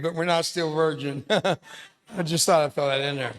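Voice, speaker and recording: Older joking veteran speaking to students. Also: male voice, fairly high pitch, normal speed, a bit bright. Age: 70s. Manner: joking, self-deprecating storyteller. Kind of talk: storytelling speech to students.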